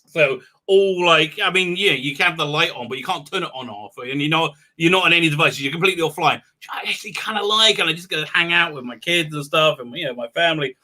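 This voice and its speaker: Excitable high-voiced man chatting live. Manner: rambling, excitable, laughs often. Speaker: livestream host; rabbi. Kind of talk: casual live-stream chat reading viewer comments.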